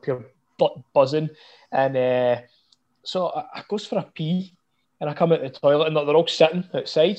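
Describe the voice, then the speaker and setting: Scottish man, podcast co-host, lively storyteller. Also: medium pitch, highs cut off. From Scotland. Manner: animated storytelling, swearing. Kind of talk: casual podcast chat.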